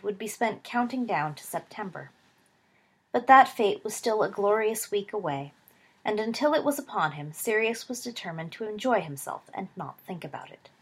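A woman reading a story aloud with steady, expressive narration. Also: fairly low pitch, slightly rough.

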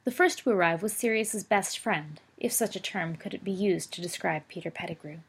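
Woman reading a story out loud, husky and gravelly, lowish voice. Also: normal speed. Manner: steady storytelling, small slips. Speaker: reader. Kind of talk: reading fan fiction aloud.

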